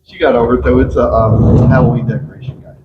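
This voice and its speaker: A man's voice: medium pitch, level tone, quick pace. A middle-aged man guiding a boat tour through a flooded mine, telling jokes and stories and often calling the group "guys". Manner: joking storyteller, keeps addressing the group as "guys". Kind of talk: guided tour talk. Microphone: camera of a visitor on the boat, some distance off. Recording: echoey cave, distant, dull, noisy.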